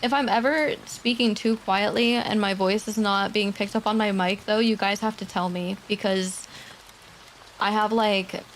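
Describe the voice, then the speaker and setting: A woman streamer chatting casually and quietly with her viewers at her desk mic, laughing often and swearing now and then. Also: mid-range voice, fairly even intonation, normal speed, a little hiss or hum. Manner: soft-spoken, talking quietly. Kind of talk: casual livestream chat. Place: home streaming setup.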